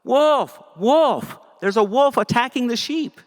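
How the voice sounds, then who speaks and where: A man voicing a panicky young shepherd boy who cries out in high yells, in a church with long reverb. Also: very animated, normal speed, vocal fry, full character voice. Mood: mischievous.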